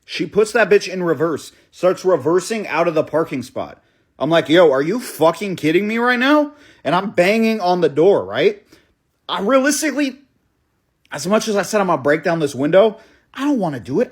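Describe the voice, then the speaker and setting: A young man tells a story in an excited, breathless rush, restarting his sentences as he goes. His voice sits a little higher than most men's. He swears freely and keeps checking in with the listener. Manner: casual, profane, keeps asking "right?" and saying "bro". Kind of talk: storytime monologue.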